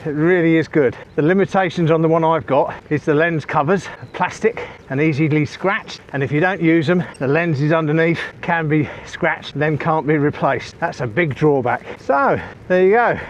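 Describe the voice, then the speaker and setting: A man's voice: on the high side, moderate pace, few pauses, dull audio. A man talking casually to viewers while cycling outdoors, a bit out of breath, on a small clip-on mic. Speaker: cycling vlogger. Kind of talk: casual vlog talk while riding. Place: outdoors on a bike. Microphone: small wireless clip-on mic. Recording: faint outdoor noise.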